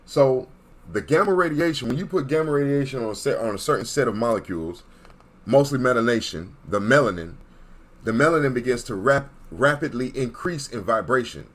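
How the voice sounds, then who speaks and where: A man's voice: mid-range voice, animated, a little fast, a bit bright. A man giving an emphatic, preachy monologue as an online commentator, repeating points and checking in with his listeners. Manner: emphatic, repetitive, checks in with "Okay?".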